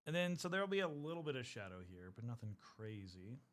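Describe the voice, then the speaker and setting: Chatting quickly with his live-stream viewers as he paints miniatures, a man rambles and swears often. His medium-pitched voice is sing-song and a bit bright.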